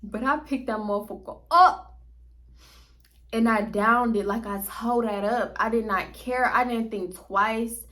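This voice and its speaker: Bright, animated woman telling a storytime tale. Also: fairly high pitch, unhurried. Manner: animated, laughing, talks straight to viewers. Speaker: vlogger. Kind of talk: casual storytime monologue.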